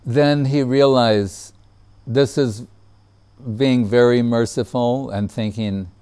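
Recounting a memory from his own life, a man speaks slowly in a clear, resonant, mid-range voice. He keeps it relaxed and casual, laughing frequently and voicing what others said.

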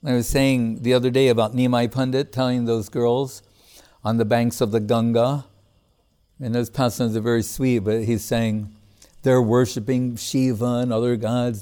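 A man's voice: medium pitch, little pitch movement, normal speed, warm tone, smooth. A man giving a casual devotional class as a spiritual teacher, talking in a loose conversational way with frequent chuckles and restarts.

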